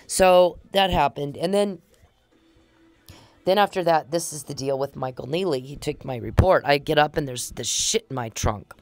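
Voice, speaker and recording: A woman's voice: deep voice, moderate pace, no echo, soft background music. A middle-aged woman hosting a podcast, chatting casually and indignantly as she recounts events and acts out the conversations she had. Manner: chatty, indignant, retells conversations with quoted dialogue. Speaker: podcast host.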